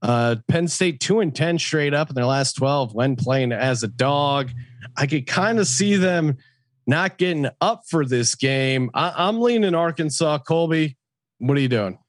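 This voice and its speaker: A man's voice: on the high side, animated, measured pace, no echo. A man hosting a sports betting podcast, running through lines and odds and handing off to his co-hosts. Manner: reads lines and odds, throws questions to co-hosts. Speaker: podcast host. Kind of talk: casual sports betting talk.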